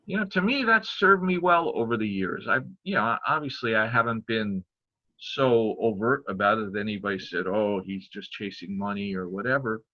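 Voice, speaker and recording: An older man, a pastor, chatting casually on a podcast, telling stories and halting jokes and sometimes losing his place. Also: lowish voice, sharp tone, muffled recording. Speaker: pastor and guest father.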